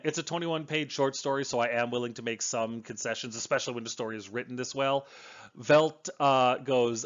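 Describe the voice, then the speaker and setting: A man's voice: mid-range voice, a bit bright, highs cut off. Rambling, enthusiastic male book reviewer. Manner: enthusiastic, rambling with fillers and restarts. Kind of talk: casual spoken book review.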